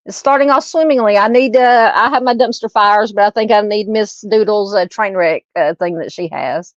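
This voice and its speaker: A woman's voice: medium pitch, normal speed, no room sound, dull audio. A woman hosting a true crime livestream, chatting with viewers by name and laughing at her own fumbles before reading a case. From Southern United States.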